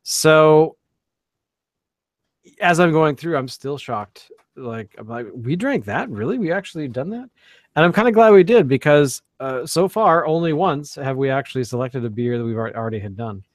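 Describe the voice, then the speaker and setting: A man's voice: mid-range voice, normal speed, no echo. A man co-hosting a casual beer podcast, rambling with many fillers and restarts. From Canada. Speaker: podcast co-host. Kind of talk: casual chat.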